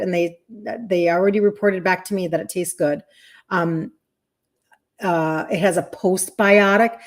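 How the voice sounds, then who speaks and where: A woman in her fifties with an American accent, hosting a live stream as a health coach, chatting casually, laughing often, answering viewers by name. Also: mid-range voice. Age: 50s. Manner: chatty, rambling, quick laughs, talks straight to viewers.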